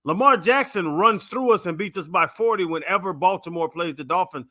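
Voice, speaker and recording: A man's voice: high-pitched, pushed and bright, no echo, clean studio sound. A man co-hosting a sports radio show, arguing his opinions in a casual debate and rattling off lists of names. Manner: opinionated, lists names in quick runs, argues his point. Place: radio studio. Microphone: studio microphone.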